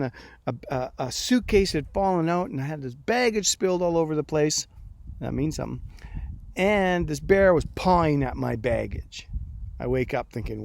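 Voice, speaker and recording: Animated man telling a dream story. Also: a little high, gravelly, no echo. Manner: animated storyteller acting out his own reactions. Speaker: pastor. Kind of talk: personal story in a devotional talk.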